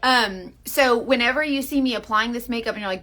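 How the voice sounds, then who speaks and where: A woman's voice: fairly high pitch, fairly quick, bright, forceful tone. A woman selling makeup on a live stream, chatty and earnest, talking straight to her viewers and often restarting her sentences. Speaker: makeup seller.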